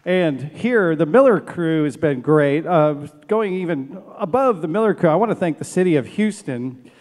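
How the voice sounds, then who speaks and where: A man's voice: fairly high pitch, animated, normal speed, big-room sound, some chatter behind. A man, director of a steel band, giving heartfelt thank-yous to a live concert audience from an outdoor stage. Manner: emotional, warm thanks, chokes up.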